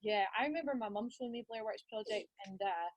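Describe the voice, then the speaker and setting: A woman's voice: medium pitch, quick pace, muffled recording. A woman hosting a podcast, chatting enthusiastically and sharing her own anecdotes in a casual conversation. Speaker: podcast host.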